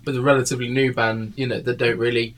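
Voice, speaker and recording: A man's voice: medium pitch, flat delivery, quick pace. A man, tired, telling a rambling story in a casual chat full of fillers and swearing.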